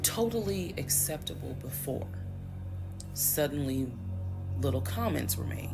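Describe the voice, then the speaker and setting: A woman's voice: low voice, lively intonation, measured pace, gravelly. A woman recounting a personal story in a monologue, quoting others as she goes. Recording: video clip with music behind. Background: music.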